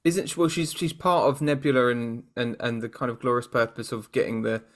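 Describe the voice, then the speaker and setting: A man's voice: medium pitch, steady tone, a little fast. A British man co-hosting a podcast, chatting casually and thinking aloud with lots of "kind of"s. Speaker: podcast co-host. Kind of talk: casual chat.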